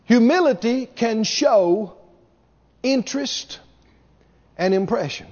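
Animated male preacher in a reverberant hall. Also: very high-pitched, takes it slowly. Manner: emphatic, repeats key words, mimics people with laughter. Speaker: pastor. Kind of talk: sermon. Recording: dull reverberant hall recording.

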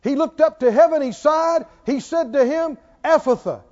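A man's voice: very high voice, normal speed, darkish tone. A man preaching a sermon, emphatic, firing rhetorical questions at his listeners and drawing out key words for emphasis. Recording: reverberant, dull lo-fi church recording.

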